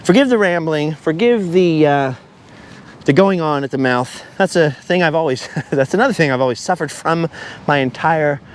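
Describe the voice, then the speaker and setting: Strolling along a beach outdoors, a man with a voice on the high side vlogs at a moderate pace. His walk-and-talk monologue runs long and rambles, wandering away from the topic along the way.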